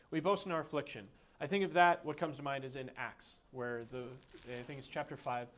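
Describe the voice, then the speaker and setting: A man leading a group Bible study, teaching in a relaxed, folksy way with everyday analogies. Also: mid-range voice, a little hiss or hum. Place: group room with a recording.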